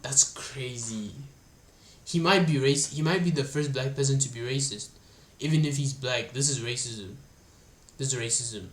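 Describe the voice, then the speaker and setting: A man's voice: mid-range voice, normal speed. A man from Africa reacting live on stream, indignant and swearing, laughing now and then. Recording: roomy echo.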